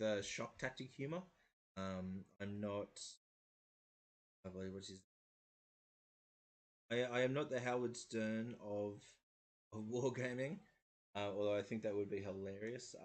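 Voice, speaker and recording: Thirtysomething guy, kinda low voice, little maori accent on the r's, rambly casual stream chat, chuckles a lot. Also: normal speed, long pauses. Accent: slight Maori, mostly in the R's. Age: 30s. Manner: rambling, self-correcting, chuckling often. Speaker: host of a miniature painting stream.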